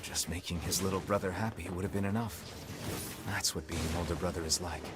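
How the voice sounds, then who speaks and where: An actor playing a gentle, brotherly male game character over game music. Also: sits low, fairly even intonation, a little fast, lightly acted. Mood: wistful.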